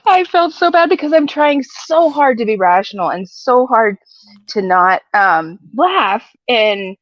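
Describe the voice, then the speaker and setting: A woman in her forties telling a family story in casual chat, lively and quick to laugh. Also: on the high side, no echo, highs cut off. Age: 40s. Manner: animated, laughs often.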